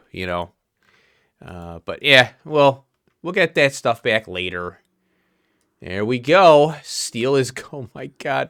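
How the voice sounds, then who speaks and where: A man's voice: medium pitch, a bit bright, no room sound, clean studio sound. A man giving casual, rambling commentary as he plays a game, thinking aloud and chuckling to himself. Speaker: let's play host.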